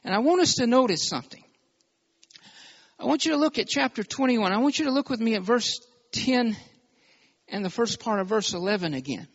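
A man's voice: very high voice, lively intonation, fairly quick, long pauses, dull audio. A male pastor preaching a sermon, emphatic, calling for amens from the congregation.

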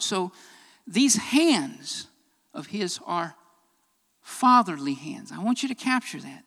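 Bright emphatic preacher, repeats lines for stress, rising fervor, long hall reverb. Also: medium pitch. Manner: emphatic, builds to raised fervent passages. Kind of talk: sermon.

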